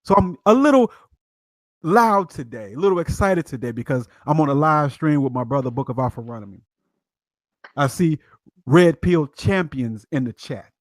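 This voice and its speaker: A man's voice: medium pitch, animated, moderate pace, no room sound. A man hosting a live stream, preaching with emphatic rhetorical questions. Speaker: livestream host. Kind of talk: preachy livestream talk.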